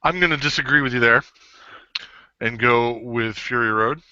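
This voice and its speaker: A man's voice: mid-range voice, moderate pace, sharp tone, no room sound, muffled recording. A man co-hosting a casual podcast, reading out nominees and joking as he stumbles over the words. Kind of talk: casual chat.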